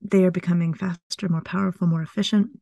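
Gravelly-voiced woman explaining steps calmly. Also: fairly low pitch, fast talker, dry recording, highs cut off. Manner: calm step-by-step explaining. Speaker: psychologist guest. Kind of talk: explanatory interview talk.

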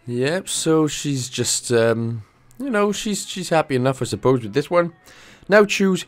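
A man's voice: a little high, lively intonation, a little slow. A man hosting a game walkthrough in casual commentary, chatty and jokey, drifting into playful asides.

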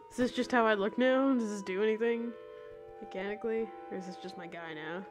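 A woman's voice: medium pitch, normal speed, music in the background. Giggly woman streaming a game. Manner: giggly, rambling, reads game text aloud. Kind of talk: live game commentary.

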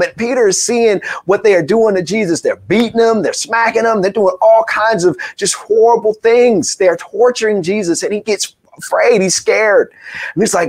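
A male pastor preaching with a high, lifted voice. He tells stories with animation and acts out each quoted voice. He sounds like he is speaking from a church pulpit. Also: moderate pace. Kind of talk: sermon.

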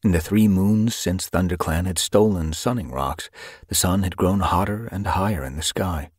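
A man narrating an audiobook with expressive storytelling. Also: low-pitched, normal speed, slightly rough, no room sound, clean studio sound. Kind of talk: scripted narration.

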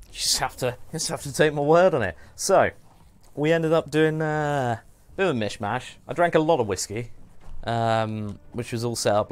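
A man hosting a casual game livestream, chatting in a rambling way and often trailing off and restarting. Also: medium pitch. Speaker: livestream host. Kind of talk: casual gameplay chat.

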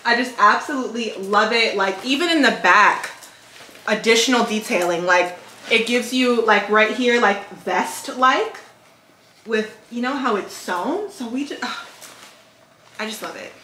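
A young woman chatting casually as a fashion vlogger, animated and full of fillers, showing off clothes she bought. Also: a little high, measured pace, slight background noise. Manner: chatty, animated, lots of "like" and "girl". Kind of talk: casual haul chat. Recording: echoey room.

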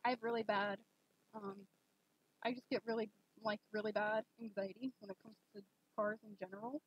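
A young woman streaming a game, chatting casually and rambling with lots of fillers, gushing excitedly at times. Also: mid-range voice, moderate pace, a little hiss or hum. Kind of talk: casual live-stream chat. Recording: dull lo-fi stream mic.

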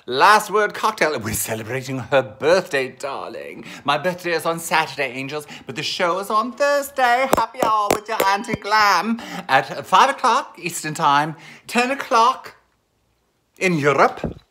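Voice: medium pitch, lively intonation, measured pace, background noise. Campy theatrical host in a home kitchen. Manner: campy, theatrical, calls listeners darling and angels. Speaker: host of a home cocktail show. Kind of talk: casual chatty cocktail tutorial.

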